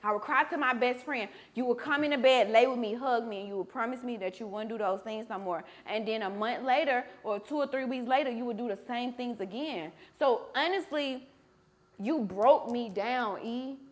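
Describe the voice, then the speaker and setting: A young woman hosts a podcast as a candid conversation over a meal, speaking at a fairly high pitch and moderate pace. She talks bluntly and emotionally and swears often.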